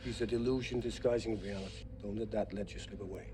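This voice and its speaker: Hannibal, played by a man as a calm, deep-voiced psychiatrist. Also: natural voice. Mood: coolly probing. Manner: measured, softly probing. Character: calm, cunning middle-aged male psychiatrist. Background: dramatic film score.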